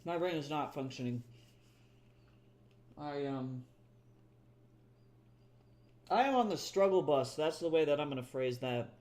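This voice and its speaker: A young man live-streams his art and chats with viewers while reading chat. His slightly high, slightly mellow voice has lively intonation, moves a little slowly, and leaves long pauses. He's loose and self-deprecating, swearing freely and laughing easily.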